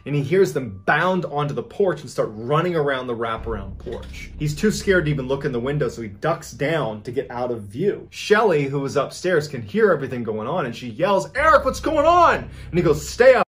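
A man's voice: medium pitch, lively intonation, normal speed, few pauses. A man telling a true scary story as scripted narration, building suspense.

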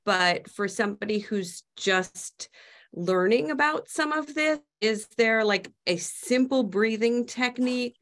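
A woman's voice: fairly high pitch, unhurried, fairly bright tone. A woman hosting a webinar, moderating questions and comments in a hesitant, filler-heavy way. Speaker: webinar host.

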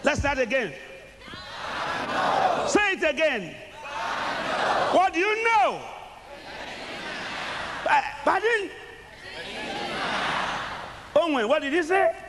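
High-pitched, shouting man preaching in an echoey hall. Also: very animated, takes it slowly, long pauses, a loud crowd. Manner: emphatic, drills the congregation to repeat phrases; bursts into shouts, then drops low. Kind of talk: sermon. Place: large church hall, live congregation. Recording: echoey hall with faint noise.

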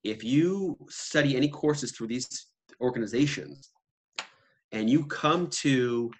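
Animated man giving a seminar. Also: mid-range voice, slow pace, a little hiss or hum. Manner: animated storytelling with quoted voices and rhetorical questions. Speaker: seminar speaker. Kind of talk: conversational seminar talk.

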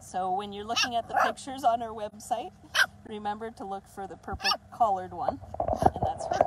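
A woman's voice: medium pitch, moderate pace. A woman who breeds dogs, chatting casually on her vlog and switching into sing-song baby talk with the puppies, laughing often. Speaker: dog breeder. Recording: noticeable background noise.

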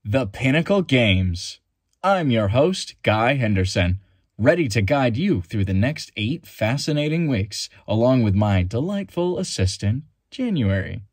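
A man's voice: big pitch swings, normal speed, darkish tone, breathy edge, no echo, clean studio sound. A man voicing an arrogant, over-the-top male TV game-show host for an audition. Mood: grandiose. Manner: booming, showy announcer.

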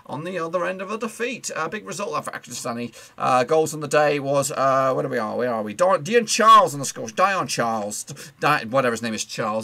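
A man recaps the weekend's football results and his own prediction scores in a loose, joking way, with lots of fillers. His voice sits a little high and sounds bright and forward. He is going a bit hoarse. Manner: chatty and playful, quick asides and filler. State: losing his voice.

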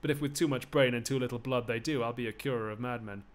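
A man's voice: medium pitch, lightly acted. A man voicing Thersites, a bitter and foul-mouthed Greek scoffer, spitting out insults in a live-streamed Shakespeare reading. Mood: scornful, railing. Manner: loud, scornful insults with drawn-out words.

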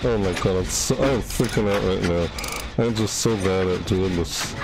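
A man's voice: low-pitched, measured pace, heavy background noise. A man casually commenting on his own gameplay from a home setup, chatty and easily panicked, talking to himself as he plays. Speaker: gaming channel host.

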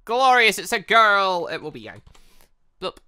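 A man's voice: high-pitched, sing-song, a little slow, pushed and bright, clean tone, no room sound. Chatty man narrating his game. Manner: chatty, jokey, talks to villagers in the game. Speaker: gaming YouTuber. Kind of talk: casual Minecraft let's play commentary.

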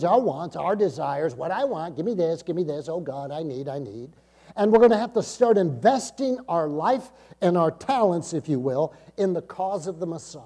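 Pastor guy preaching, fairly high but mellow voice, gets loud then drops way down. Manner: emphatic preaching, swells up then drops low. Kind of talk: sermon. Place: church sanctuary.

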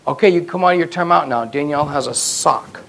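A middle-aged man preaching a sermon as pastor, telling family stories with self-deprecating humor and building to loud, emphatic peaks. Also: a little high, quick pace, gravelly, a little hiss or hum. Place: church sanctuary.

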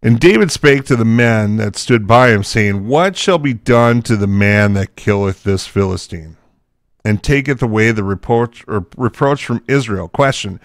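A man's voice: medium pitch, no room sound, clean studio sound. A man teaching from the Bible, reading scripture aloud and breaking into casual, chatty asides.

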